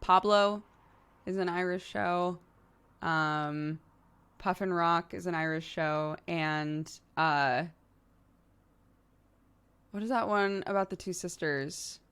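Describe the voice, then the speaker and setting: A woman's voice: on the low side, slow pace, long pauses, a bit bright, clean tone. A woman streamer in casual livestream chat, rambling playfully and laughing often.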